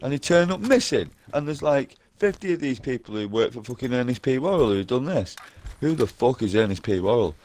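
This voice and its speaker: A man's voice: medium pitch, lively intonation, brisk, darkish tone. A man talking nonstop in an online game voice party over a headset mic, conspiratorial and swearing heavily. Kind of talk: rambling party voice chat. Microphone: gaming headset over online voice chat.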